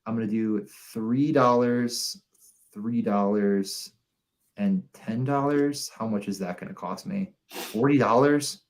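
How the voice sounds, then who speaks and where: A man's voice: fairly low pitch, slow. A young man from the Buffalo area, co-hosting a casual betting podcast and thinking aloud over odds. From Buffalo area, New York. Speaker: podcast co-host.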